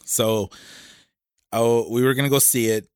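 A man's voice: medium pitch, steady tone, measured pace, clean tone, no echo, clean studio sound. A man co-hosting a podcast, trading teasing banter and laughing often. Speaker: podcast co-host. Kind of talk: casual banter.

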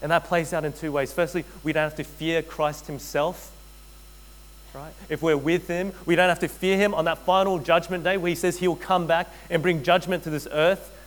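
A man preaching a sermon, earnest and direct, addressing his listeners as friends and repeating key phrases, often dropping to a hushed intensity. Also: on the high side, flat delivery, moderate pace, rough recording. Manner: addresses listeners as friends, frequent tag questions. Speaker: pastor.

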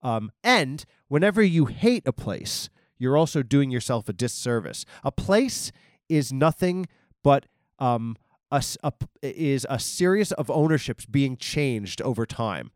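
A man's voice: mid-range voice, very animated, unhurried, no echo, clean studio sound. A man from Long Island hosting a podcast, telling a meandering comic story full of asides. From Long Island, New York. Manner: meandering, many ums and likes, self-interrupting. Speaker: podcast host. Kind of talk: rambling comic storytelling monologue.

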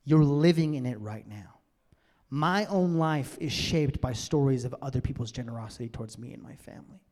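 A man preaching a sermon as a pastor in a church, swinging from loud emphatic bursts to near-whispers. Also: medium pitch, normal speed. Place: church sanctuary. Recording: long church-hall reverb.

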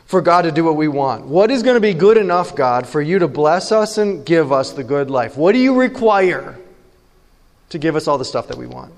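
A man's voice: a little high, expressive, moderate pace, creaky, a little mellow, in a large hall. A man putting on the voice of a whiny, exasperated teenager who sarcastically bargains with God. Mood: exasperated whining. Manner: sarcastic, pleading, exaggerated.

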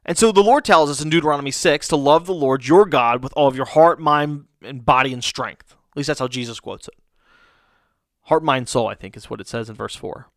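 A man's voice: medium pitch, a bit bright, dry recording, clean studio sound. A man preaching a conversational sermon who often restarts his sentences and checks in with rhetorical questions. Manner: halting, frequent restarts, rhetorical "right?". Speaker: pastor.

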